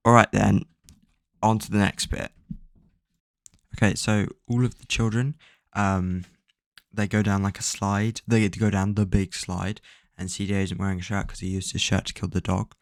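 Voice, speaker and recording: Low, gravelly young guy for a loose, swear-dotted book recap, dry close mic. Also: little pitch movement, moderate pace, long pauses, no room sound. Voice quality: rambling, filler-heavy, swears casually. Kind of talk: casual plot recap.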